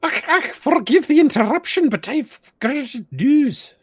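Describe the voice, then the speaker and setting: A man voicing an excitable, high-voiced messenger who speaks with a Scottish-style burr, over soft game music. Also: unhurried, no room sound, clean studio sound. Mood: excited. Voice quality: very high squeaky put-on voice.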